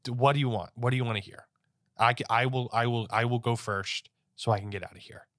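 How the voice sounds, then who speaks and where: A man's voice: medium pitch, fairly even intonation, fast talker, a bit bright, no room sound, studio quality, natural voice. A man voicing a defensive, hostile young woman in a tabletop game, curt and swearing. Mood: exhausted.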